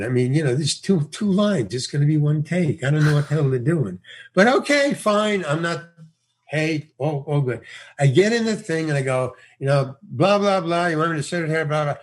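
Husky man telling a lively story. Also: on the high side. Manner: animated storyteller, acts out dialogue, laughs often. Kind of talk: casual anecdote.

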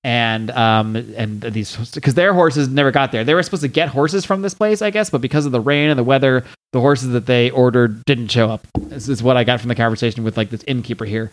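A man's voice: medium pitch, a little fast, hardly any pauses. A man hosting a podcast, casually recapping a comic book with lots of fillers and restarts. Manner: recaps a comic with frequent fillers, reads dialogue aloud. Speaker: podcast host.

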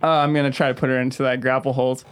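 A man playing a tabletop role-playing game, excitable, with lots of fillers and restarts. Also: medium pitch, racing, smooth. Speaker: player. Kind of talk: tabletop role-play with character voices. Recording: music playing underneath.

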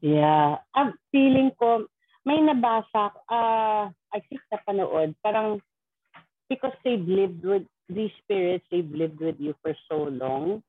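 A woman's voice: medium pitch, expressive, a little slow, no echo. A middle-aged Filipino woman in casual chat, mixing English and Tagalog as she tells a ghost story and acts out quoted voices. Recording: tinny phone-like line.

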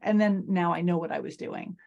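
A middle-aged woman, a guest in an interview, slowly and reflectively telling a personal story of loss. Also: on the low side, gravelly, a little mellow, muffled recording.

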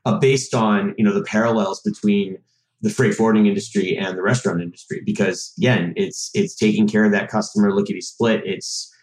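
A man's voice: lowish voice, steady tone, brisk, a little mellow. A man in his thirties from Massachusetts, a podcast guest chatting casually and rambling with lots of fillers and restarts. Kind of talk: casual chat. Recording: roomy echo.

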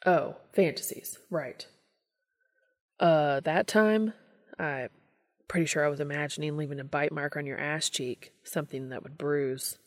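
A woman reading the part of an adult man in a story, speaking low and rough with hesitant fillers. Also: a little slow. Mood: flustered. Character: rough-voiced adult man, flustered lover.

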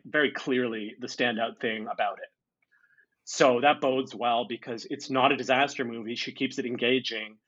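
A man co-hosting a casual film podcast, talking in a relaxed, meandering way with many fillers. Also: mid-range voice. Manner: relaxed, hedging, lots of "like" and "uh". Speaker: podcast co-host. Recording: slightly dull recording.

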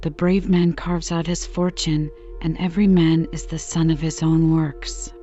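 A woman voicing an indignant old male knight who speaks in grand, archaic phrases, in a soft bedtime reading. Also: sits low, little pitch movement, measured pace, lo-fi sound, faint music behind. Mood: lofty, stern.

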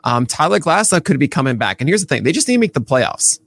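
A man's voice: a little high, very animated, fast talker, creaky, a bit bright, breathy edge, no echo. Playful man co-hosting a baseball podcast. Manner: playful, teasing, rambling. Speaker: podcast co-host. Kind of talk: casual baseball chat.

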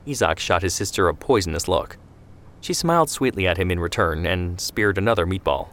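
A man reading a scripted family story in an even, measured way. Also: deep voice. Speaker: narrator.

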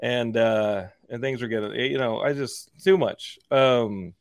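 A man in his forties, a podcast host, telling a story in casual chat and acting out the dialogue in lively quoted voices. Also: medium pitch, unhurried, dry recording, studio quality. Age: 40s.

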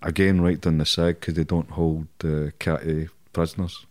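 A man's voice: rumbling low, flat delivery, moderate pace, darkish tone, no room sound. A middle-aged man with a Scottish accent, telling stories as an interview guest in a blunt, sweary, chuckling way. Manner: blunt, heavy swearing, chuckles through anecdotes. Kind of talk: casual storytelling.

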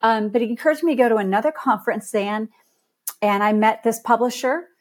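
A middle-aged woman, a guest author, telling a lively story in a podcast interview and laughing easily. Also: fairly high pitch, fairly quick.

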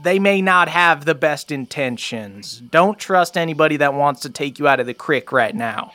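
The game master voicing an old elf woman who leads her people, giving measured advice. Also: medium pitch, lively intonation, bright, forceful tone, no room sound. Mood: warning. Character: old woman elder, leader of the elves.

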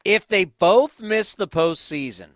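A man hosting a radio sports show, reading out scores and breaking into excited outbursts. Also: high-pitched, unhurried, no echo. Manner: excitable, bursts into loud exclamations. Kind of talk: scoreboard rundown.

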